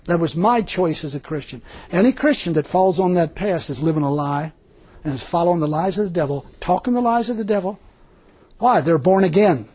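Folksy older male preacher, high-pitched and husky, laughs a lot between points. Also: animated, a little fast, a little mellow. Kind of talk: informal sermon.

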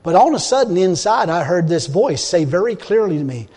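A man preaching and telling a personal testimony in a folksy storytelling manner, swinging from loud emphasis to quiet groans. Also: high-pitched, very animated, a little fast, few pauses, breathy edge. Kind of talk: sermon testimony. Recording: long hall reverb.

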